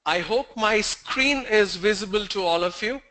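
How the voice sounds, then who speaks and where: Teaching English pronunciation in an online class, a man speaks in a measured way, putting questions to the class and repeating key points. His voice is high-pitched against a noisy background.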